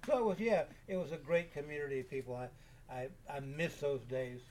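An older man in his seventies tells long, meandering stories as an interview guest. His voice sits a little high for a man, and he often stops and repeats himself mid-sentence. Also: fairly quick, darkish tone, a little hiss or hum. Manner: rambling, self-repeating anecdotes. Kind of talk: casual storytelling.

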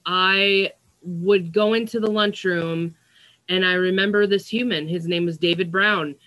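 A woman's voice: on the low side, fairly bright tone. Rambling young woman vlogging. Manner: rambling, with frequent "like" and "um" fillers. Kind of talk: casual diary-style vlog monologue.

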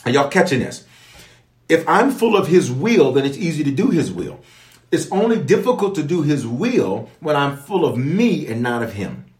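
A man's voice: on the high side, sing-song, moderate pace. A man preaching to an online audience, repeating key phrases and calling on viewers to respond. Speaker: pastor leading online prayer. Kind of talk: livestream sermon and prayer teaching. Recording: echoey room.

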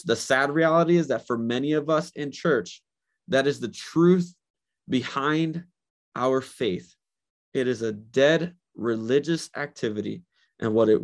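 A male pastor preaching a sermon, often repeating phrases and checking in with "right?", and voicing God in casual everyday words. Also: medium pitch.

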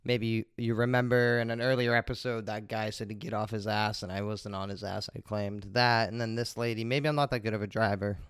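A man's voice: on the low side, little pitch movement, brisk, few pauses, clear, resonant tone, no room sound. A man hosting a podcast, telling a rambling, profane story in a laid-back way into a close microphone. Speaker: podcast host. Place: at home, smoking while recording. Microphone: close desk microphone.

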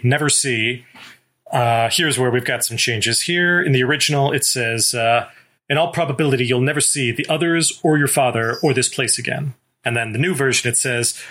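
A man co-hosting a casual book discussion, reading passages aloud and explaining them in a thoughtful, measured way. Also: medium pitch, a bit bright. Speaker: podcast co-host.

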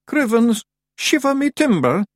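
A man's voice: sits high, sing-song, measured pace, no echo, studio quality, pitched above the performer's own voice. A man reading an audiobook, voicing tiny, rowdy, brash little fairy men. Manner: shouty, brash. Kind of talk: audiobook character voice.

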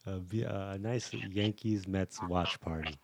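A man's voice: low-pitched, a little slow, vocal fry, background noise. A man co-hosting a podcast in casual chat, often stammering and turning dryly mock-serious. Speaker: podcast co-host.

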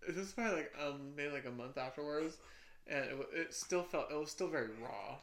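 A woman's voice: low-pitched, brisk, roomy sound. A young woman co-hosting a podcast, telling a dramatic story in casual chat and laughing a lot. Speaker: podcast co-host.

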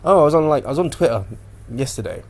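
Man, solo podcast chat, rambling, sweary, animated, mid-pitched voice. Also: fast talker, vocal fry. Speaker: podcast host.

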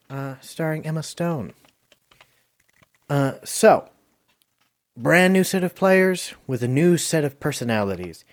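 A man hosts a casual podcast at an ordinary pitch, leaning on frequent "uh" fillers as he jokes along. His voice sounds dry and close. He talks loosely and informally. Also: dry recording. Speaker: podcast host.

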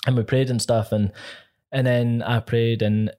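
A man's voice: mid-range voice, level tone, measured pace, warm tone. A man with a Scottish accent, co-hosting a podcast and telling a story in an earnest, casual way, often laughing between phrases. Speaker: podcast co-host.

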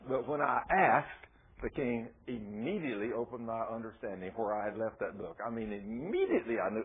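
Guy preaching, folksy storyteller, husky voice, sounds like its over a phone. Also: mid-range voice, phone-quality sound. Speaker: pastor. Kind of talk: sermon.

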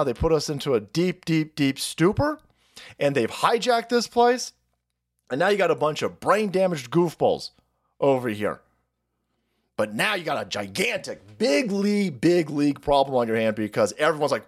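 A man's voice: fairly high pitch, big pitch swings, a little slow, vocal fry. A man ranting crudely on a live stream, mocking and often breaking into laughter. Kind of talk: profane ranting commentary.

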